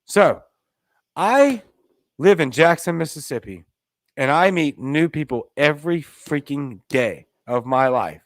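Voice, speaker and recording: A man's voice: lively intonation, a little slow, no room sound, studio quality. A man hosting an opinion show, talking in a sarcastic, emphatic rant. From Louisiana. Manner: sarcastic, emphatic, rants with rising pitch. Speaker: podcast host. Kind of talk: opinionated commentary monologue.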